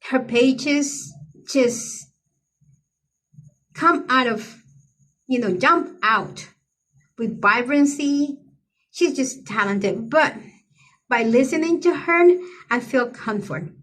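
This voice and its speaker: Slow-talking woman gushing to camera. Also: high-pitched, lively intonation, a bit bright. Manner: gushing, effusive praise. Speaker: coloring channel creator. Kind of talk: casual chat to camera.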